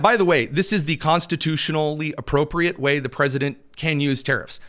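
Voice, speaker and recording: A slightly high-voiced man hosting a news show from a studio mic. He runs through the headlines with wry, sarcastic asides and chuckles at his own jokes, his throat a little dry. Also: bright, forceful tone. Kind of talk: sarcastic political news commentary.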